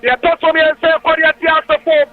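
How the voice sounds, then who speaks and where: Man, football radio commentator, very high voice, dry close sound. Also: no room sound. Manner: excited, rapid play-by-play shouting of player names. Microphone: radio studio mic. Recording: tinny radio broadcast line.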